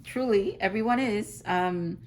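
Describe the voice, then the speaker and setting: A woman's voice: medium pitch, measured pace, a little hiss or hum, rough recording. A woman giving a casual, rambling tarot reading to her viewers, full of "like" fillers and effusive reassurance. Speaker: tarot reader.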